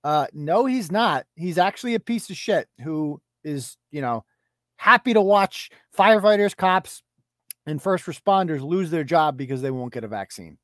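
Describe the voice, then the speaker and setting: Animated sarcastic podcast ranter. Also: medium pitch, normal speed, no echo, studio quality. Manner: profane, sarcastic, mocking. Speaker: podcast host. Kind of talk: ranting commentary.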